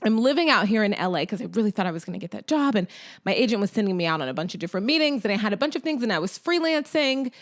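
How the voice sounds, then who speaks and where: A woman's voice: mid-range voice, animated, racing. An American woman from Oklahoma, a television journalist, telling her story in a chatty, laughing way with lots of "like". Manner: chatty, laughs easily, uses "like" as filler. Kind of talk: casual interview storytelling.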